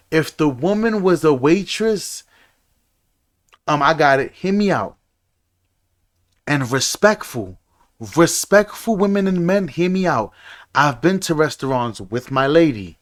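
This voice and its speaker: A fairly high-voiced man talking in a casual, animated way. He tells stories, says key phrases over and over for emphasis, and slips into imitations of other people when he quotes them. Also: moderate pace. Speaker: podcast guest. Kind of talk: casual chat, storytelling.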